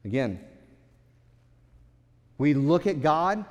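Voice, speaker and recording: A man preaching a sermon as pastor, swinging between loud, urgent passages and hushed, quiet ones. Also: a little high, very animated, very slow, long reverb tail.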